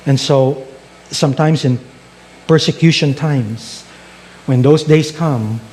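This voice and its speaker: A man's voice: medium pitch, slow, a little mellow, a little hiss or hum. A male pastor preaching a sermon, telling stories and asking rhetorical questions.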